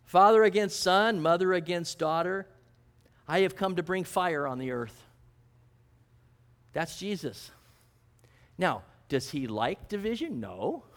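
High-voiced pastor preaching conversationally. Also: male voice. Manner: asks rhetorical questions and answers them; storytelling, chuckling, self-deprecating. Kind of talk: conversational sermon.

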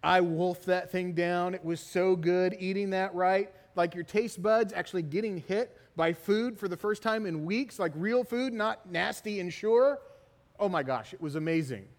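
A middle-aged man preaching a sermon, telling stories in an animated way and often asking "right?". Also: sits high, normal speed. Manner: animated storytelling, repeated "right?" tags. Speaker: pastor. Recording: long hall reverb.

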